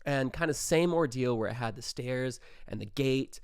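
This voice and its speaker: A man's voice: medium pitch, normal speed, smooth, dry recording, clean studio sound. A young man hosting a podcast, telling a story in a rambling, casual way, full of like and swearing. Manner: rambling, peppered with like, swears freely. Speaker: podcast host.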